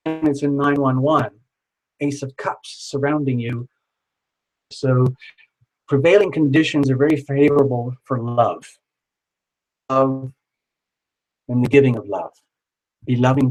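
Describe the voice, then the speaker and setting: A man's voice: mid-range voice, low-quality recording. A man hosting a live tarot reading stream, chatting casually and reassuringly with viewers.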